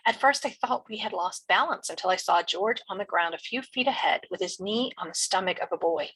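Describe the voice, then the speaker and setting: A woman teacher reading a novel chapter aloud in a steady storytelling manner. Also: mid-range voice, a little fast, slightly rough, low-quality recording.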